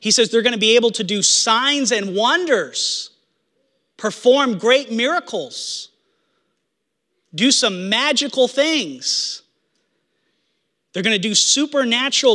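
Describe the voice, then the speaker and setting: Male pastor, high bright voice, earnest sermon delivery, long hall reverb. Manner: earnest preaching, repeats phrases for emphasis.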